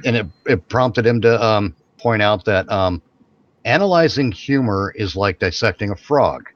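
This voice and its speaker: Guy co-hosting a podcast, kinda low voice, rambles and restarts a lot, muffled lo-fi audio. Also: lively intonation, a little slow. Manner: rambling, repeats and restarts phrases. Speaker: podcast co-host. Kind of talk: casual chat.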